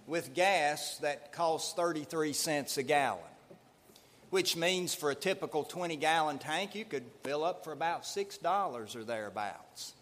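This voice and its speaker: Male preacher, fairly high voice, unhurried measured delivery, echoing church hall. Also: fairly bright tone. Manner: slow, deliberate, measured delivery. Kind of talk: sermon. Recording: long hall reverb.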